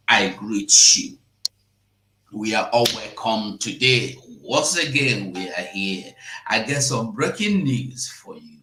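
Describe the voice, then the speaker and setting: A Nigerian man hosts a live-streamed news commentary at an unhurried pace. His voice is bright and forceful, and he circles back on his points and repeats them, often pushing his pitch up sharply for emphasis. The sound carries a noticeable room echo. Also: a little hiss or hum. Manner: rambling, repetitive and emphatic, with sudden rises in pitch.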